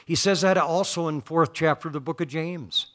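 A man's voice: fairly high pitch, normal speed. A man preaching a folksy, emphatic sermon in a church. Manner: folksy, emphatic, rising to loud declarations.

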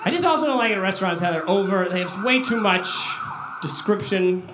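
High-voiced man doing stand-up comedy. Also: brisk, background noise. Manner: animated, acts out voices in his stories. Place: comedy club with a live audience. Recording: echoey room, live audience laughter.

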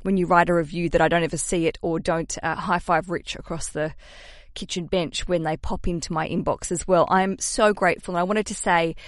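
A woman's voice: lowish voice, fairly even intonation, fairly quick, no room sound. Australian woman, 30s, podcast host. Chatty, self-deprecating, casual swearing. Dry, close sound. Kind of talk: casual solo podcast chat.

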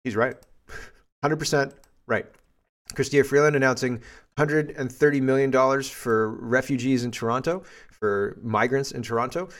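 A man's voice: medium pitch, moderate pace. A man hosting a podcast, commenting bluntly and with indignation on clips he plays. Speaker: podcast host.

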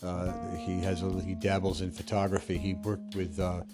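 Low-voiced rambling American man. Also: level tone, normal speed, loud music behind the voice. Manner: rambling, many fillers and restarts. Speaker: podcast host. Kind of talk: casual rambling chat.

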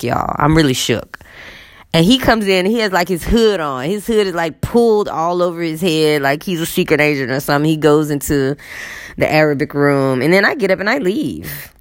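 Low-voiced woman telling a story. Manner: candid, conversational, lots of fillers. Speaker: teacher. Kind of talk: storytelling monologue.

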